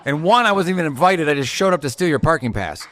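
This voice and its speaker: A man's voice: on the high side, lively intonation, fast, fairly bright tone. An older man from Rochester, New York, with a Western New York accent, co-hosting a live podcast in a bar and needling his partner with profane one-liners. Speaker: podcast co-host. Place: neighborhood bar.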